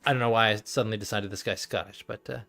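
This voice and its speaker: A man's voice: on the low side, fairly even intonation, racing, creaky, pushed and bright, soft background music. Rambling, laughing game master man. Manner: rambling, laughs often, self-correcting. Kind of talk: narrating a tabletop game.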